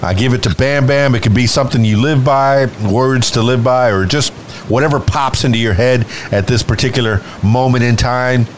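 A man's voice: medium pitch, normal speed, slight background noise. A man hosting a podcast, talking casually and upbeat, hyping up his guest. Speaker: podcast host. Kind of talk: casual chat.

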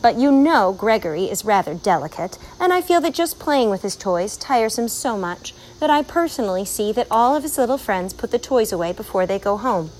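A woman voicing a fluttery, overprotective mother who squeals, in a storybook reading, pitched high. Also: very animated, normal speed, hardly any pauses, darkish tone, slight background noise, rough recording. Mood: fretful.

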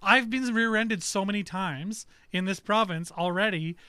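A man co-hosting a podcast, telling a story in casual chat, animated and swearing freely. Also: sits high, normal speed, clear, resonant tone, dry recording, studio quality. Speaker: podcast co-host.

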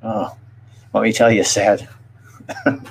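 A middle-aged man hosting a podcast, telling personal stories in a candid, emotional way that halts with pauses and restarts. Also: lowish voice, creaky, slight background noise. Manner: halting, with many pauses and restarts. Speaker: podcast host. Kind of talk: heartfelt personal storytelling.

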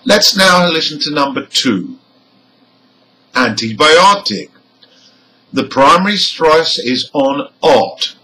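A man's voice: a little high, animated, unhurried, few pauses, sharp tone, poor audio. A man teaching English word stress, explaining rules and enunciating example words carefully. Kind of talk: slow, deliberate lesson explanation.

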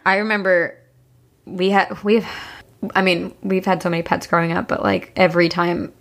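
A woman's voice: lowish voice, flat delivery, moderate pace. A woman co-hosting a podcast in casual chat, reacting to her partner's stories as a sympathetic listener. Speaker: podcast co-host.

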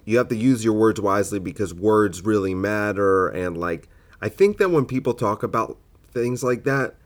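A man hosting a casual solo comedy podcast, rambling and sidetracked, full of fillers and self-corrections. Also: fairly low pitch.

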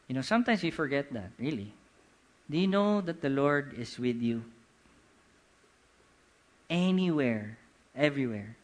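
A middle-aged man with a Filipino accent preaching a sermon, animated and mixing Tagalog with English, slowing to quiet emphasis. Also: mid-range voice. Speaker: pastor.

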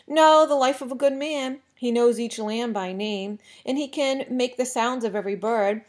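A woman's voice: a little high, normal speed, voice pushed up, close to an everyday voice. A woman voicing a determined young boy who speaks firmly and defiantly, raising his voice, in an audiobook reading. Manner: firm, defiant, raised voice.

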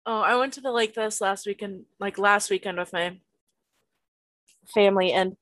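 A woman's voice: mid-range voice, moderate pace, a bit bright, dry recording. A woman co-hosting a podcast, reacting with short laughing interjections and then telling her own story in casual chat. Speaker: podcast co-host.

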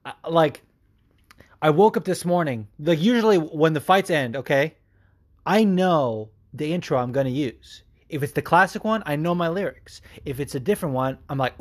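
A man talks on his podcast in a loose, profane rant, pressing his points over and over. His voice sits a bit high and the sound is dry and close, with no room around it. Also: expressive, normal speed, no room sound. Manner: profane, ranting, emphatic. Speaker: podcast host. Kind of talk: casual chat. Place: home room with cats.

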